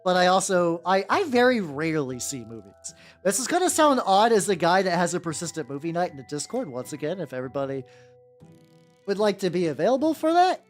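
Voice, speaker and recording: A woman from America hosts a relaxed livestream, greeting chat and rambling while she paints. Her voice sits low but swings widely in pitch, and she swears freely. Soft music plays underneath. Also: brisk. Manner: rambling, profane, chatty with viewers. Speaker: miniature-painting VTuber streamer. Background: faint background music.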